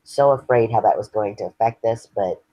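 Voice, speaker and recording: A man's voice: on the low side, fairly quick, warm tone, dry recording, low-quality recording. A man, earnestly sharing his personal story as an interview guest. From Texas. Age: 50s. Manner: earnest, candid and reflective.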